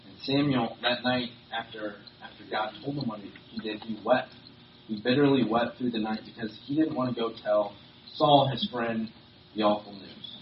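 A man's voice: mid-range voice, moderate pace. A man delivering a sermon in a conversational way, with many fillers and restarts. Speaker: preacher. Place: church or meeting hall. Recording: roomy, distant, dull lo-fi recording with faint hiss.

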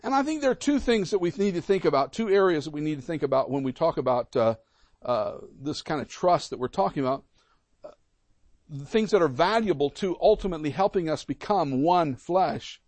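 A middle-aged pastor delivers an emphatic sermon, leaning on repetition to drive points home. His voice sits high and swoops widely up and down. The sound is dry and close. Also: expressive, fairly quick, a little mellow, no echo.

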